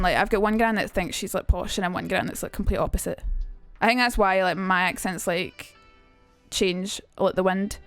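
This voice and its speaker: A woman's voice: mid-range voice, normal speed, a bit bright, no room sound, soft background music. A young Scottish woman streaming a casual chat about accents, chatty and sweary, reading out messages from chat. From Scotland. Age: young adult.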